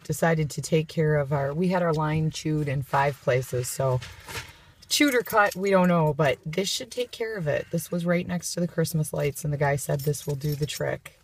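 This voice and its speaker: A woman's voice: low-pitched, normal speed. A woman chatting casually to the camera as a vlogger, rambling with many fillers, from inside a moving car. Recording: road noise from a moving car.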